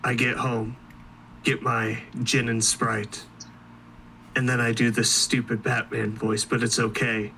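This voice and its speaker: A man co-hosting a podcast, talking slowly and easily with a gravelly edge. His tone is bright and a little dry. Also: mid-range voice, flat delivery, distant mic, slight background noise, poor audio. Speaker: podcast co-host. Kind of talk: casual podcast chat.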